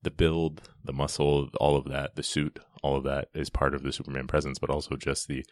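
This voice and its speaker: A man's voice: extremely low pitch, level tone, a little fast, no room sound. A man giving a casual, enthusiastic commentary on a film scene, chatty and often restarting his sentences.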